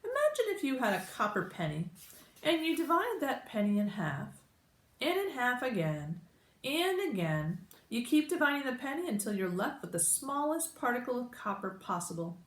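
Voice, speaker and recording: Brief: impatient little science whiz, as a woman reads her, lively lecturing lilt in a roomy space. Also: a little high, moderate pace, pitched above the performer's own voice. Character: brisk know-it-all girl scientist. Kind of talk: storybook read-aloud. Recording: roomy echo.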